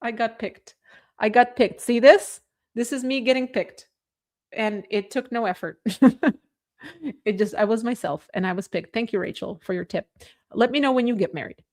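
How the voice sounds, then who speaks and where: A woman's voice: a little high, a little fast, darkish tone. A woman hosting a casual livestream from home, chatting and laughing as she reads viewer comments. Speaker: livestream host.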